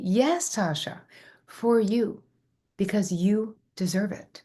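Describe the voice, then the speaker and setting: A woman's voice: medium pitch, slow. Effusive woman hosting a live Q and A. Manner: effusive, enthusiastic, warm toward viewers. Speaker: host. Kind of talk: live workshop Q and A, reading chat comments.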